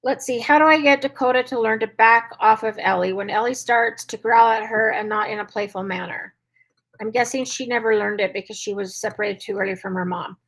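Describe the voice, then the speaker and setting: Chatty higher-voiced woman dog trainer. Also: brisk, a bit bright, poor audio. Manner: chatty, with frequent "um" and "like". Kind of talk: casual live Q&A, answering viewer questions.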